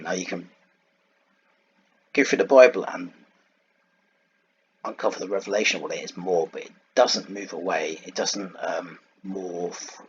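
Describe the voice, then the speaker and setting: A man's voice: sits low, lo-fi sound, slight background noise. A man giving an informal Bible lesson over slides, wandering off on side points and searching aloud for the right word. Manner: digressive, thinks aloud and searches for words. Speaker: Bible teacher.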